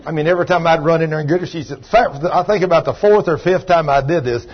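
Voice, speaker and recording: Husky older man preaching. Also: a little high, fast. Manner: folksy preaching, swings from soft to loud. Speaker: pastor. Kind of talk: sermon. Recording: dull lo-fi sound.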